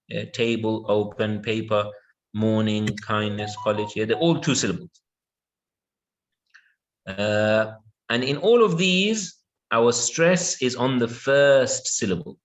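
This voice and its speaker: A man teaching English pronunciation in an online lesson, patiently repeating words and checking with his students. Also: mid-range voice. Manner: patient, repeats words slowly with many yeahs and okays.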